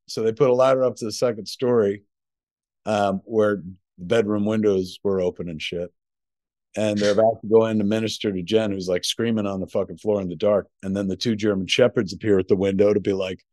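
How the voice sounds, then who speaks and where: Low-voiced man telling a profane story. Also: normal speed, a little mellow, dry recording, studio quality. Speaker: podcast co-host. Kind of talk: casual chat. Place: home.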